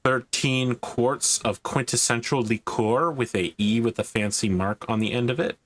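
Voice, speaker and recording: A man running a tabletop game as game master, narrating and explaining in a measured way. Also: mid-range voice, fairly even intonation, fairly bright tone.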